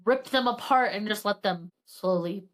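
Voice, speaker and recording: A woman co-hosting a casual book podcast, rambling through the plot with constant fillers. Her pitch sits in the middle range, and her tone is relaxed and conversational as she acts out what the characters said. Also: normal speed, slight background noise. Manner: rambling, heavy filler use, retells dialogue. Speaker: podcast co-host. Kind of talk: casual book recap chat.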